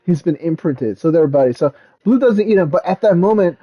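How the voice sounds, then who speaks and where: A man's voice: high-pitched, expressive, a little fast, lo-fi sound, a crowd in the background. A man talking casually as a dad vlogger, retelling a movie in a rambling way, full of fillers like "like" and "um.".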